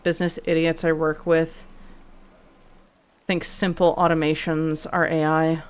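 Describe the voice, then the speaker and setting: A woman's voice: low voice, level tone, unhurried, pauses often, clean tone, faint music behind. A young woman streaming live, chatting casually with viewers, swearing freely and thanking them by name.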